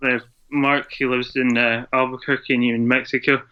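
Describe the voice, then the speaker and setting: Flat-voiced Scottish-born man, hesitant. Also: mid-range voice, moderate pace, clean tone. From Scotland. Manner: rambling, hesitant, laughs often. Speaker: podcast guest, drummer. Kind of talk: casual interview chat. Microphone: video call. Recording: dull lo-fi internet call audio.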